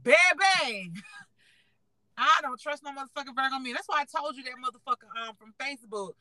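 A woman's voice: sits high, brisk, no room sound. A young adult woman co-hosting a casual chat, telling blunt, profane stories and acting out the people in them. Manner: blunt, profane storytelling with animated quoted voices. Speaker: podcast co-host.

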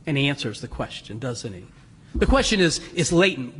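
A man preaching a sermon, animated and chuckling, acting out voices in the story. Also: fairly high pitch, moderate pace, husky, big-room sound. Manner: animated, laughs often, acts out voices. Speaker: pastor.

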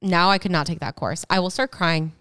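A young woman co-hosting a podcast, telling stories in a chatty, animated way. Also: on the low side, brisk, clear, resonant tone. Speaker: podcast co-host. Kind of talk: casual chat.

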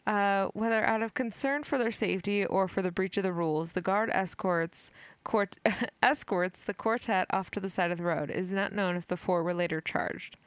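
A woman's voice: mid-range voice, normal speed, clean tone, no room sound. Giggly woman reading aloud, dry sound. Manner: giggly, stumbles on words while reading. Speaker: podcast host. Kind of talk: casual chat, reading an article aloud.

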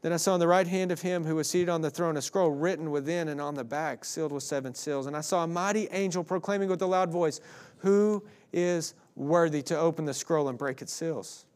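A man's voice: on the high side, a little fast, a little mellow. A man pastor reading scripture aloud with emphasis in a sermon, closing in prayer.

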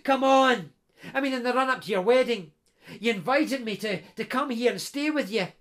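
A man's voice: very high voice, moderate pace, a bit bright, voice pushed up. A man voicing a boisterous young best friend, jovial and chatty, nudging his friend along. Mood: sly teasing.

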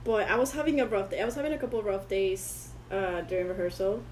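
A woman's voice: medium pitch, fairly even intonation, fast talker, darkish tone, a little hiss or hum, low-quality recording. A woman whose first language is Spanish, a guest in a casual interview, telling rambling stories and acting out what other people said. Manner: rambling storyteller who acts out quoted people.

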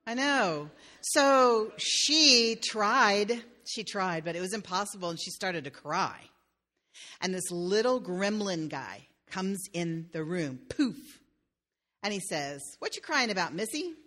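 A woman pastor retells a fairy tale as a sermon, with playful asides. Her voice is bright and clear, at a middling pitch for a woman. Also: slow.

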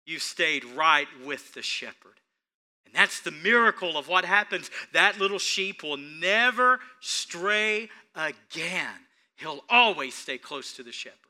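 A male pastor preaching a sermon, speaking straight to his congregation and swinging between hushed, tender passages and loud, rising ones. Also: a little high, moderate pace. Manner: repetitive, direct address to congregation.

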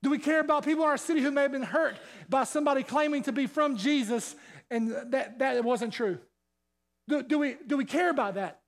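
A man preaching from the pulpit in a strikingly high voice. He is fired up and sweating, hammering the room with rhetorical questions and repeating phrases as he drives his point home. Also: brisk. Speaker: pastor. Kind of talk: sermon.

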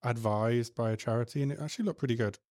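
A man's voice: mid-range voice, fast, a little mellow, no room sound, clean studio sound. A middle-aged man from the UK hosting a podcast, telling stories in a matter-of-fact way and chuckling as he goes. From United Kingdom. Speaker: podcast host. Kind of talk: casual podcast chat.

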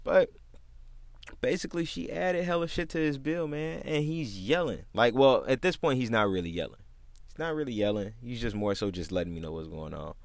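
A man telling a profane, exasperated story in a casual, animated way. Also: mid-range voice, moderate pace, gravelly, dry recording.

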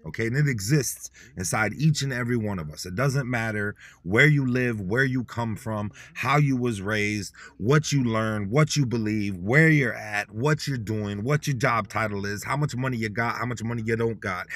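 A Dakota motivational speaker with a fairly low, slightly bright voice gives a casual, slangy, repetitive talk at normal speed with hardly any pauses, coaching listeners to repeat Dakota words with him. There is no echo.

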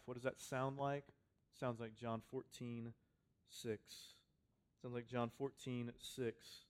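A man delivers a sermon to his congregation at a middle pitch. His preaching is conversational, and he drives points home by repeating phrases over and over. His volume rises and drops sharply from line to line. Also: flat delivery, takes it slowly, clean tone. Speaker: pastor. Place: church hall with a congregation.

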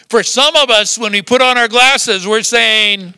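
An older man preaching with a high, bright, forceful voice that rises and falls a great deal. He tells lively stories with chuckles along the way. The sound is close and dry. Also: unhurried, gravelly, smooth, no room sound. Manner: lively storytelling with chuckles and acted-out quotes. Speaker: pastor. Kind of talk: sermon.

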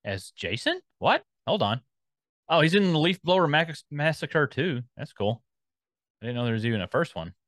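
A man's voice: a little high, sing-song, normal speed, fairly bright tone, dry recording. A man co-hosting a podcast in casual chat, rambling as he scrolls and reads out film listings. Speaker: podcast co-host.

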